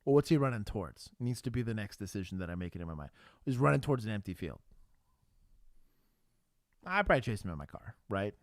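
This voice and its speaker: A man's voice: on the low side, sing-song, quick pace, pauses often, no echo, studio quality. A man in his thirties, a former police officer co-hosting a livestream, telling stories bluntly with swearing and frequent laughter. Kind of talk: casual livestream chat.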